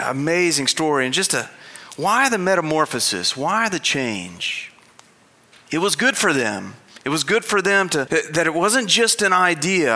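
Bright-voiced man preaching a sermon. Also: a little high. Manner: conversational, earnest preaching with frequent restarts. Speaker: pastor.

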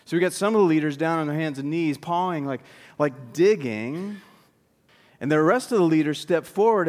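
Animated preaching man, lively pitch swings. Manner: animated, rising and dropping for emphasis, asides to the congregation. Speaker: pastor. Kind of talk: sermon.

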